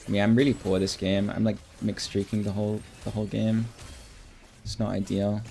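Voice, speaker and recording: A man streaming a strategy game, thinking aloud in casual commentary with relaxed, mumbled asides. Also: lowish voice, brisk, vocal fry, slight background noise.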